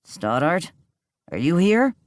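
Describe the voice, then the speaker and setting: A narrator voicing a nervous, frightened man on the run, anxious and pleading, with a lively voice and slow delivery. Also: medium pitch, no echo, studio quality.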